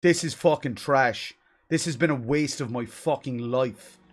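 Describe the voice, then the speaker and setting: A man's voice: mid-range voice, unhurried. Frustrated man ranting at a game. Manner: frustrated, ranting, heavy swearing. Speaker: gaming streamer. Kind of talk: casual live-stream commentary.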